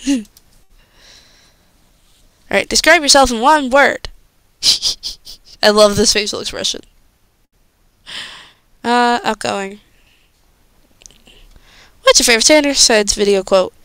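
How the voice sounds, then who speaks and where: A bubbly young woman chats on her live stream, gushing and squealing as she reacts. Her voice sits a little high and comes through smooth and clean. The sound is dry and close, with no room around it. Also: slow, pauses often, a bit bright, no echo. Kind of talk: casual live-stream chat.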